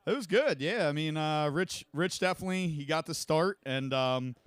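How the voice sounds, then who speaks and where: A man who placed second in a race, talking it over in a relaxed, thoughtful way with many fillers. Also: fairly high pitch, normal speed, smooth, no room sound. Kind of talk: post-race interview.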